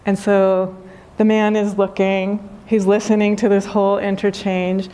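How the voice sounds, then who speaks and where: A woman, a spiritual teacher, giving a gentle, unhurried talk with storytelling and soft emphasis. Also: medium pitch, little pitch movement, clear, resonant tone. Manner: gentle, unhurried, softly emphatic, with light laughs. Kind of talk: spoken dharma talk with storytelling.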